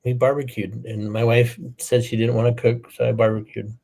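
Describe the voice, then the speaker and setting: A man from the American Southwest in a casual chat, easygoing and quick to laugh. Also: medium pitch, little pitch movement, vocal fry, dark tone. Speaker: podcast guest.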